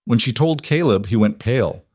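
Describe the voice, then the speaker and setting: A man reading a frontier love story aloud as a narrator, in a steady storytelling manner. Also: mid-range voice, moderate pace, no echo, studio quality.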